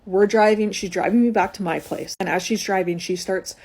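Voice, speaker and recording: A woman's voice: medium pitch, brisk, husky. A young adult woman telling a personal story in a casual, chatty way, with lots of "like" as she talks. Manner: chatty, animated retelling with frequent "like".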